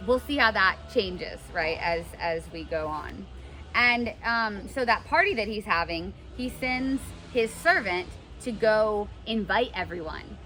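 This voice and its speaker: A woman's voice: medium pitch, lively intonation, measured pace, pushed and bright, faint music behind. A young woman teaching a class, explaining a play casually and paraphrasing its lines in modern slang, recorded in a classroom.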